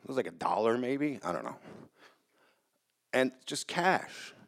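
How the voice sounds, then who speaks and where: Man, live stage storytelling, gravelly voice, animated pitch, casual swearing, rambling restarts. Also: measured pace. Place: small hall in front of a live audience.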